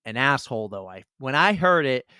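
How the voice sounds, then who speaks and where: A man's voice: medium pitch, big pitch swings, fairly quick, bright, forceful tone, smooth, dry recording, clean studio sound. A man co-hosting a running podcast in casual chat, joking and rambling with frequent repeats. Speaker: podcast co-host.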